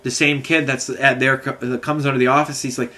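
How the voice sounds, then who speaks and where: A man's voice: medium pitch, flat delivery, a little fast, pushed and bright. A man telling a long, angry, rambling story, swearing often. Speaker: vlogger. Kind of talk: ranting monologue.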